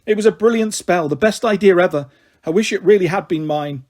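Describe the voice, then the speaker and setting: A man's voice: high voice, brisk, a little mellow, close to an everyday voice. A man doing a sulky, spiteful schoolgirl. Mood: grudging. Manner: mumbling, grudging.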